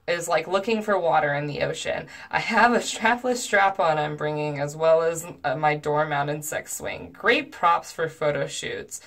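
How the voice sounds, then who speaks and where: A woman's voice: low voice, a bit bright. A young adult woman in a casual storytime vlog, talking in a chatty way with lots of fillers and reading messages aloud. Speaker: cosplayer recounting messages.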